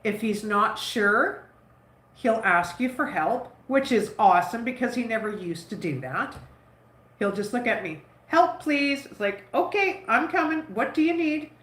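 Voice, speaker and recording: Chatty woman with a stuffy nose, roomy echo. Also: on the high side. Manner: rambling, chatty, warm toward her son, many "like"s. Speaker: vlogger. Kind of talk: casual chat while cooking.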